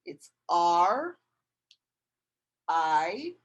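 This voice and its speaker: A woman's voice: fairly low pitch, very animated, extremely slow, muffled recording. A middle-aged woman giving a patient step-by-step art and writing lesson, often checking in with the viewer. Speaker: art and language tutor.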